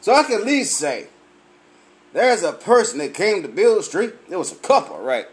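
A man, tipsy from drinking, telling loud, profane comic stories and laughing at his own punchlines. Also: high-pitched, big pitch swings. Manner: loud, laughing, heavy cursing, drawn-out punchlines. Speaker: comedian vlogger. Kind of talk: profane comic storytelling rant.

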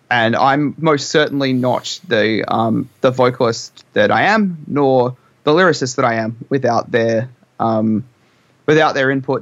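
A man's voice: mid-range voice, no room sound, dull audio. A man with an Australian accent, a band vocalist chatting casually in an interview, rambling with lots of ums and restarts.

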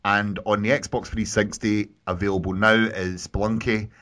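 A man's voice: lowish voice, normal speed. A man co-hosting a casual gaming podcast, easily reading out the month's news. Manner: relaxed, reads out news items. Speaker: podcast co-host.

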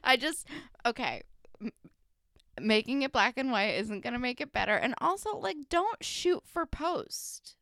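A woman's voice: fairly high pitch, very animated, measured pace, creaky, a bit bright, no room sound. Woman podcast co-host, exasperated and wordy, dry close sound. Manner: exasperated ranting, lots of fillers. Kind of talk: casual recap chat.

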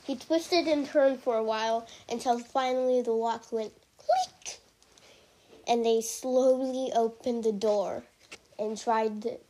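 A woman's voice: a little high, fairly even intonation, measured pace, dark tone. A woman improvising a story aloud, hesitant with frequent restarts.

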